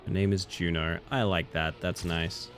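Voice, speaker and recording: A man's voice: deep voice, moderate pace, slight background noise. A man casually commenting on his live game stream late at night, sleepy and chatty, answering chat as he plays. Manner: relaxed, chatty, reads chat aloud and answers it.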